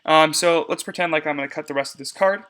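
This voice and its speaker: A man's voice: fairly high pitch, quick pace, fairly bright tone. A young man giving a casual step-by-step screencast tutorial on cutting debate cards, talking to viewers as y'all.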